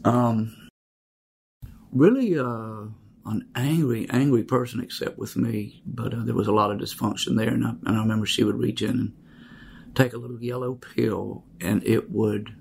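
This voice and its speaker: Guy in his 40s, gravelly lowish voice, lots of ums and restarts, faint hum behind. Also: fairly even intonation, darkish tone. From Mississippi, USA. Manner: halting, many fillers and restarts. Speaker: guest telling his life story. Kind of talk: reflective personal storytelling.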